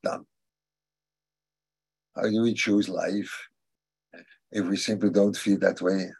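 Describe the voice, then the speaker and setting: A man teaching a religious class, answering students' questions in a halting, thoughtful way and repeating key phrases for emphasis. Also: on the low side, fairly even intonation, gravelly, darkish tone, husky.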